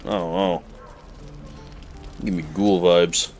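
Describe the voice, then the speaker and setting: A man's voice: low-pitched, flat delivery, takes it slowly, a little mellow, faint music behind. A young man streaming a game, joking crudely and talking back to the characters. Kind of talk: casual gameplay commentary.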